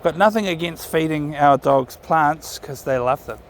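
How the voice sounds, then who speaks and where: A man's voice: a little high, moderate pace, slight background noise. A man with a New Zealand accent chatting casually to camera while walking his dog on an outdoor riverside trail. He rambles and often corrects himself mid-sentence. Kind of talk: casual walking vlog chat.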